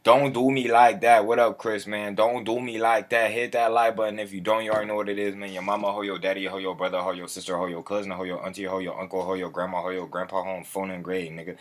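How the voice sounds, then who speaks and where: A man with a fairly low voice hosts a relaxed livestream. He talks in loose slang, cycles through the same catchphrases again and again, and greets his viewers one by one by name. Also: fast talker, hardly any pauses. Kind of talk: casual livestream chat.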